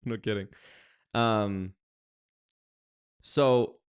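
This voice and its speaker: A young man from Canada telling dating stories to camera in a casual, sarcastic monologue, jumping up into loud exclaims. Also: very slow, smooth. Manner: animated, sarcastic, jumps to high exclaims. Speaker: vlogger.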